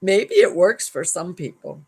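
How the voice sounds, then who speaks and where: A woman's voice: lowish voice, wildly swooping pitch, unhurried, a little mellow, husky, low-quality recording. A woman hosting a live stream at home, reading a book aloud and adding wry commentary, laughing often between passages.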